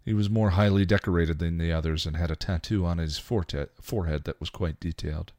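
Deep male reader, dry, for steady story narration. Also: a little fast, no echo. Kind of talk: reading fan fiction aloud.

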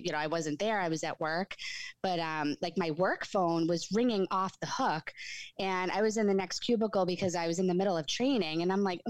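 A woman with a somewhat low voice recounts a painful family story to a panel, talking freely and casually. She fills her speech with "like" and "you know" as she goes. The sound is dry and close, with no room echo. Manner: chatty, fillers of "like" and "you know"; storytelling with lively retelling. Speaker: panel guest, grieving sibling. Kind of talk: personal account in a panel conversation.

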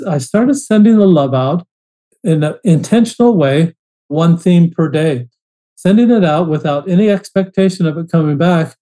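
A man's voice: fairly high pitch, dark tone, rough recording. A man as a podcast guest, telling his story earnestly in a casual interview, often restarting phrases.

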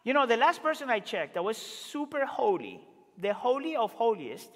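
A man preaching a sermon as pastor, earnest and emphatic, rising to loud exclamations and dropping to quiet asides. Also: very high-pitched, sing-song, moderate pace. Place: church sanctuary. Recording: reverberant church hall.

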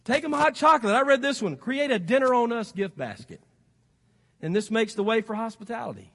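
High-voiced Southern pastor preaching in a hall. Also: male voice, animated, fairly quick, creaky, a bit bright. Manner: folksy and exhorting, rising to emphatic peaks. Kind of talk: sermon. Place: church sanctuary. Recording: long hall reverb.

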